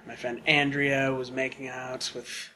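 A man's voice: mid-range voice, level tone, unhurried, pushed and bright, a little hiss or hum. A man telling a long casual story on a podcast, rambling with lots of fillers and asides. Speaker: podcast guest.

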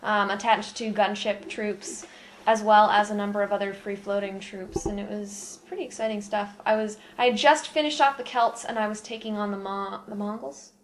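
A woman's voice: mid-range voice, fairly even intonation, moderate pace, slight background noise, low-quality recording. A young woman co-hosting a podcast, telling rambling stories in casual chat. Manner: chatty, rambling storyteller. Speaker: podcast co-host.

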